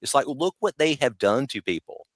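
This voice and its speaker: A man in his fifties, a podcast guest talking in an animated, emphatic way with mocking asides. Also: mid-range voice, brisk, dry recording. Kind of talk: casual conversation.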